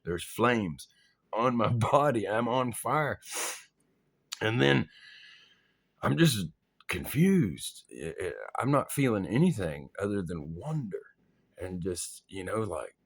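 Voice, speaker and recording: Young male storyteller, gravelly, very lively pitch, laughs and swears, acts out his own lines. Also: slow, long pauses. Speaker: vlogger. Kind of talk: casual storytelling.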